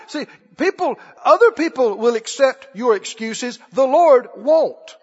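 Dull lo-fi audio with long hall reverb captures a preacher whose very high voice is slightly rough and darkish in tone. He delivers his sermon unhurriedly with lively intonation, emphatic and repetitive, urging the congregation to respond.

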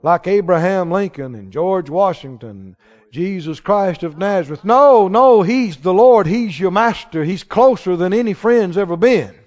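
A man's voice: high voice, lively intonation, moderate pace, few pauses, darkish tone. A male pastor preaching a sermon with emphatic, rising declarations to a church congregation. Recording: dull sound with long hall reverb.

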